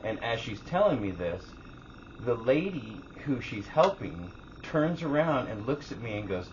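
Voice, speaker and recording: A man's voice: fairly low pitch, normal speed. A man co-hosting a podcast, telling a story in casual chat, acting out the people in it and swearing freely. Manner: animated storyteller, acts out quotes, swears freely. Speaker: podcast co-host. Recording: dull lo-fi sound with faint hiss.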